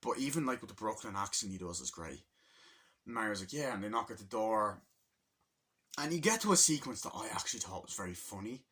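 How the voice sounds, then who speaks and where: A young man giving a rambling, excitable spoken movie review, acting out scenes from the film. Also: a little fast, breathy edge. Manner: rambling, excitable, acts out scenes in high voices.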